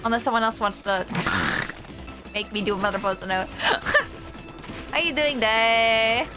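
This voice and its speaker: A young woman with a fairly high voice speaks unhurriedly during a casual live game stream, music playing in the background. Chatting with her viewers, she's emotional and teary but keeps laughing.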